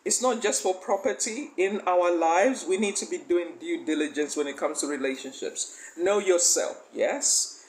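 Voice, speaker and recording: A woman's voice: lowish voice, normal speed, darkish tone, slight background noise, rough recording. A woman coach delivers a faith-based motivational talk with emphasis. She throws rhetorical questions at the listener and keeps laughing between her points. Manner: emphatic, often breaks into laughter. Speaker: life coach.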